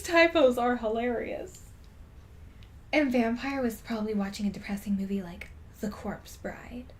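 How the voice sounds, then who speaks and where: A woman's voice: on the high side, unhurried. A woman streamer reading a fan story aloud with amused commentary, often breaking into laughter.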